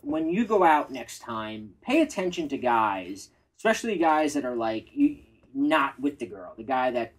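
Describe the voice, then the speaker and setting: A man's voice: a little high, poor audio. A man, a dating coach, giving advice in an earnest, confessional way in a casual conversation.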